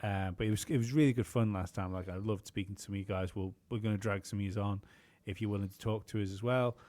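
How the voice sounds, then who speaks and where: A man's voice: fairly low pitch, steady tone, fast, darkish tone, no echo. A man co-hosting a podcast, chatting casually, rambling with many fillers and some swearing. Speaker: podcast co-host.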